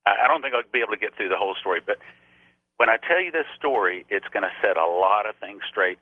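Guy preaching on the radio, lowish voice, tinny phone sound, real dry. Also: no echo. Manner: earnest storytelling, retelling quotes in a raised voice. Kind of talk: preaching on a call-in radio show.

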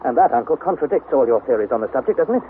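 An actor playing an earnest, anxious young nephew who also narrates a radio drama. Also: male voice, mid-range voice, sing-song, very fast, close to an everyday voice. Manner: earnest, worried. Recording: tinny old radio broadcast with hiss.

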